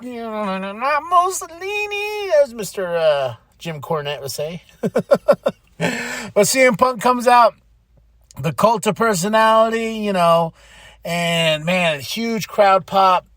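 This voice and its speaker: A man hosting a podcast, recapping wrestling in a casual, excitable monologue and quoting people in quick voices. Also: high voice, no echo.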